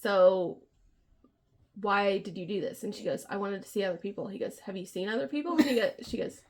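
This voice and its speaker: A woman's voice: mid-range voice, a little fast, breathy edge. A woman co-hosting a casual book podcast, retelling scenes with quoted lines and frequent laughter.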